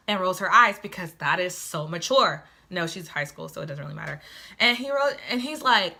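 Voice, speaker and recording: Sassy, bright-voiced woman book reviewer. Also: fairly high pitch, a little fast. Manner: sassy, chatty, animated asides. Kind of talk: casual book review vlog.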